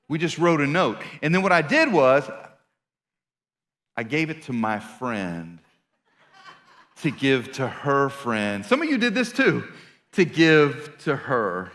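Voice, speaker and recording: A man's voice: medium pitch, fairly bright tone, in a large hall. A man giving a storytelling sermon as a pastor, playful and self-mocking as he teases the audience. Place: church auditorium.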